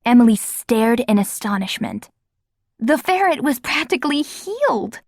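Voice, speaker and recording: A woman narrating a children's audiobook with a somewhat high, lively voice. The sound is close and dry, with no room echo. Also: measured pace. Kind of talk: scripted narration.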